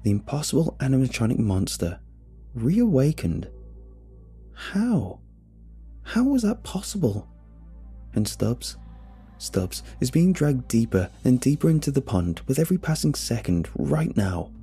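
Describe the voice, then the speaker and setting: A man's voice: mid-range voice, big pitch swings, normal speed, warm tone, husky. A man narrating a horror story in a dramatic, tense first-person telling. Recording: faint music behind.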